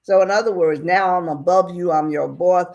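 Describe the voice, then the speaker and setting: A woman voicing a proud, touchy man who has just been made sheriff, speaking slowly and firmly to pull rank in a storytelling. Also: lowish voice, fairly even intonation, darkish tone, highs cut off, lightly acted. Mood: stern.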